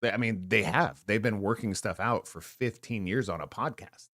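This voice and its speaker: A man's voice: lowish voice, normal speed, fairly bright tone, no room sound, clean studio sound. A middle-aged man co-hosting a casual podcast, chatting in a rambling, joking way and often trailing off mid-thought. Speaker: podcast co-host. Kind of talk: casual chat.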